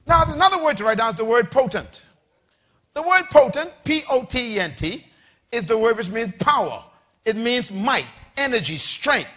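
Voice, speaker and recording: A man preaching a sermon to a congregation, with call-and-response lines, shouting and rising to big peaks. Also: very high-pitched. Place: church with congregation.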